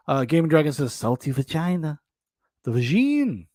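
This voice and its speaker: A man's voice: fairly high pitch, very animated, moderate pace. A man hosting a podcast, mocking clips in casual, profane commentary with laughing asides. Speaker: podcast host. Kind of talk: casual commentary on videos and chat.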